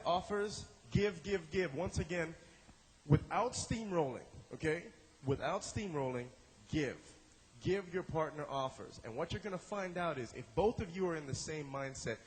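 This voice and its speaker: A man's voice: a little high, rough recording. Playful man teaching improv. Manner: playful, animated, acts out quick examples in silly voices. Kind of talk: lecture to a live class. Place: room with a live audience.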